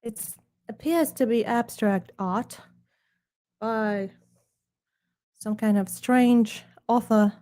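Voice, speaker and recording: A woman putting on a shabby snooty British accent to play a pompous, sophisticated presenter of art, speaking slowly and formally with her lower face drooped. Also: fairly even intonation. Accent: put-on British accent. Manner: pompous, mock-formal and hushed.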